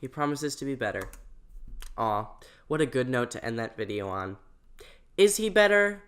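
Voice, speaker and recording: A young adult YouTuber giving sarcastic, mocking commentary with quick asides. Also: medium pitch, expressive, fairly bright tone.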